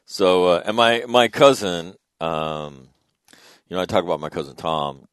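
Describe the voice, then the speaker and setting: Middle-aged male radio host, low voice, dry booth sound; wry, rambling storyteller. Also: fairly even intonation, measured pace, clean tone, no echo. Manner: rambling, chatty anecdote with wry asides. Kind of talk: casual on-air storytelling.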